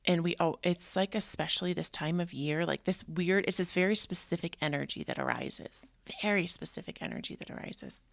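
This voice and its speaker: A woman's voice: lowish voice, sing-song, moderate pace, gravelly, few pauses, dry recording. A woman in her thirties hosting a personal podcast, talking in a heartfelt, rambling way with many fillers. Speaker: podcast host. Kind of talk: casual personal podcast monologue.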